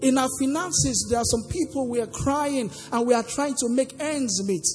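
A woman's voice: high-pitched, normal speed, a little mellow. A woman preacher delivering a sermon, asking the congregation questions for them to answer and lilting some phrases in a sing-song way. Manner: call-and-response questions to the congregation. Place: church hall. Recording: long hall reverb with faint music.

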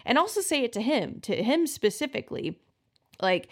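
A woman's voice: fairly high pitch, sing-song, normal speed. Chatty woman podcast host. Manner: chatty, many "like" fillers, acts out quoted voices. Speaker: podcast host and health practitioner. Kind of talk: casual solo podcast talk.

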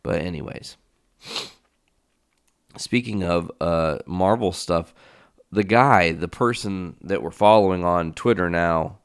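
Male podcast host, deep and resonant, casual rambling riffs, dry close sound. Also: slow, pauses often, smooth, no room sound. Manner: rambling, enthusiastic riffing with fillers; casual swearing. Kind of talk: casual solo podcast talk.

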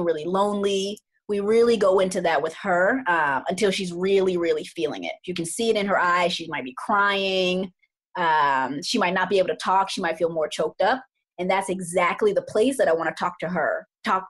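A woman's voice: fairly low pitch, husky. A woman couples therapist talking through her approach in a casual podcast chat, earnest and thoughtful, often repeating words for emphasis.

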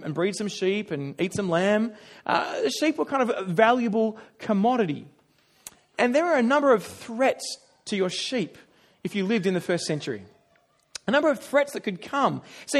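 A man with a noticeably high voice preaches a sermon, leaning into animated storytelling. He pokes fun at himself as he goes and slips into quick little voices to act out his stories. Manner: animated storytelling with self-deprecating humor. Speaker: pastor.

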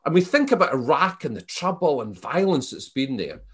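A Scottish man chatting in an interview, his pitch rising and falling a great deal as he tells stories. He stumbles and restarts often, padding his talk with fillers. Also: normal speed, slightly rough. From Scotland. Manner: storytelling, animated, many restarts and fillers. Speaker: guest. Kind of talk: casual interview chat.

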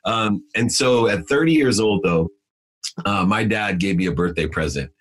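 A man's voice: on the low side, animated, moderate pace, fairly bright tone, rough recording. A middle-aged man, a podcast guest, telling a personal story with emphasis, frequent fillers and restarts, and a voice that climbs when he relives key moments.

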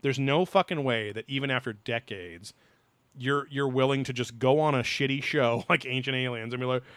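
A man in casual podcast chat, profane and animated, mocking what he talks about. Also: mid-range voice, normal speed, dry recording. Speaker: podcast co-host.

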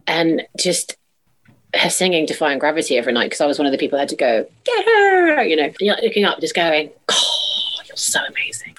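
Bubbly woman acting out quotes. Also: low-pitched. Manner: bubbly, animated, acts out quotes in funny voices. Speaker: musical theatre actress, guest. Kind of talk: casual interview chat.

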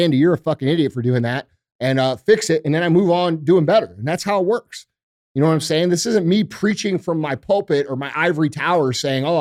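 A man's voice: on the high side, dry recording, clean studio sound. A man hosting a podcast in casual chat, blunt and heavy on swearing, ranting with motivational conviction. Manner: blunt, profane and emphatic. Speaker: podcast host.

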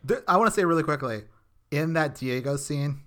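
A man's voice: a little high, expressive, a little fast, a bit bright. Jokey man chiming in on a podcast. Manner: enthusiastic, jokey, adds side comments. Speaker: podcast co-host. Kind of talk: casual recap chat.

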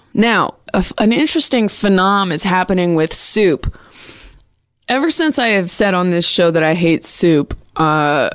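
A woman comedian with a husky voice, hosting her show in a rambling, sardonic, self-deprecating monologue. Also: lowish voice, no echo, studio quality.

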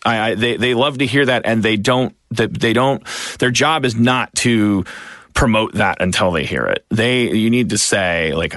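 A man co-hosting a casual podcast, talking in a bright, forward voice that rambles, restarts and piles up fillers. His rants turn self-mocking. The sound is close and dry, with no room around it. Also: lowish voice, measured pace, no echo. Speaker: podcast co-host. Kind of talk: casual chat.

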